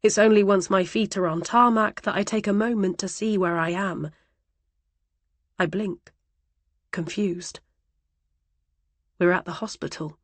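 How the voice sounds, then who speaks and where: A woman's voice: medium pitch, steady tone, measured pace, pauses often, dry recording. A woman narrating a first-person thriller audiobook in a dramatic, vivid way.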